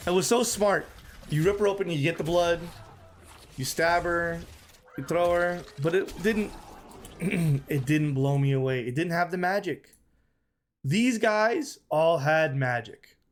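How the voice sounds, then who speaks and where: Emphatic streamer man, slightly high voice. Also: measured pace, slight background noise. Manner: emphatic, repeats himself, says "bro" often. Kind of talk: casual live-stream commentary.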